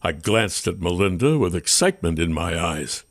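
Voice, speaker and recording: A man with a low voice reads a first-person audiobook. His pitch rises and falls freely as he builds the suspense of the story. His storytelling is expressive and tense. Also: normal speed, vocal fry, no room sound, clean studio sound. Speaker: audiobook narrator.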